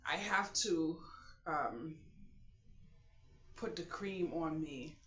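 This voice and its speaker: A vlogger talking in a halting, confiding way on a late-night personal video, holding back tears. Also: medium pitch, lively intonation, fairly bright tone, roomy sound, highs cut off.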